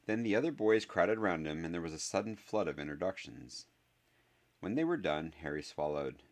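A man with a notably deep voice narrates a story in a steady, measured way. He reads it as a scripted audiobook.

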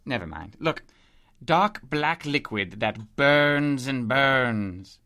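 Posh english explorer guy, played by a man, fussy, bright voice, bounces all over. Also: medium pitch, sing-song, fairly quick. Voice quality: pompous, fussy. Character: pompous English gentleman explorer. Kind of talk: audio drama acting.

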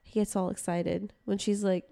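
Woman podcast co-host, sick and hoarse, naturally raspy voice, laid-back and wry. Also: mid-range voice, little pitch movement, moderate pace, dark tone. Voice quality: raspy, smoker-like voice. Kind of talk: casual chat about a film.

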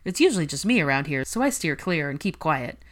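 A woman's voice: sits low, big pitch swings, a little fast. A woman voicing an awkward, easily flustered young man who grumbles a little. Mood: casual. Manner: gruff, grumbling.

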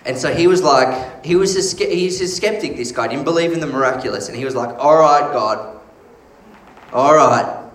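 Male pastor, slightly high voice, animated sermon storyteller, roomy echo. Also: fast talker, few pauses.

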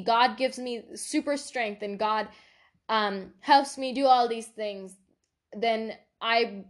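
A young woman hosting her own podcast, chatting casually and rambling with lots of fillers and giggles. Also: on the high side. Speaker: podcast host. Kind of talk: casual solo podcast chat.

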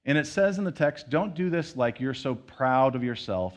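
A man's voice: medium pitch, animated, moderate pace, few pauses. A man preaching a sermon in a conversational way, acting out everyday voices as he goes. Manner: conversational preaching with acted-out quotes. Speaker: pastor.

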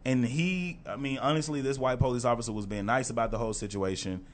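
A man's voice: medium pitch, fast talker. A man from the United States hosting a call-in talk show, talking emphatically in casual chat and finishing others' sentences.

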